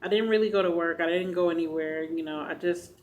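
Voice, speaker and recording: Woman vlogger, lowish voice, halting and earnest storytime telling, faint hum behind. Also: darkish tone, poor audio. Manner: earnest, addresses viewers directly; halting, emotional retelling. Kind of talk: personal storytime vlog.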